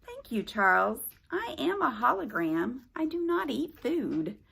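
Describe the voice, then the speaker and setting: Soft motherly hologram librarian, robotic and prim, slow careful delivery, high lively voice, as a woman reads her. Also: creaky, slight background noise, exaggerated voice. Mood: prim, polite. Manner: slow, prim, mechanical politeness.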